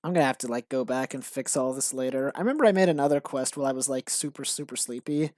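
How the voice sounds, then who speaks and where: A man's voice: medium pitch, fast talker, darkish tone, no room sound, studio quality. A man streaming while he builds his own game, rambling casually with many restarts and fillers. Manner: rambling, self-interrupting, frequent fillers and restarts. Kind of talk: casual live-stream commentary.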